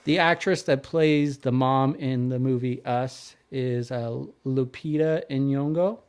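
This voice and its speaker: Slowly and in a level tone, a man with a clear, resonant mid-range voice reads through follow-up notes and lists for a podcast he co-hosts. The chat is casual, and he sounds hesitant, filling pauses often.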